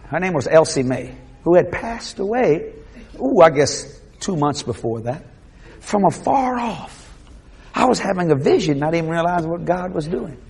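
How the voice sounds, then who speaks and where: Cajun male preacher, high gravelly voice, big pitch swings, lively sermon storyteller. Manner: animated, shouts quoted voices, laughs often.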